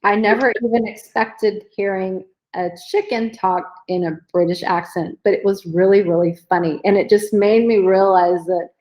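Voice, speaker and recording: A woman's voice: medium pitch, steady tone, moderate pace, hardly any pauses, a little mellow, poor audio. Chatty woman podcast host. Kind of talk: casual interview conversation.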